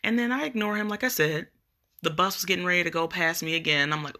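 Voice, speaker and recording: Blunt, bright-voiced woman ranting on a live vlog. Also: fairly low pitch, a little fast, creaky. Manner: blunt, profane, fired-up storytelling. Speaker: vlogger. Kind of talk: casual live-video rant.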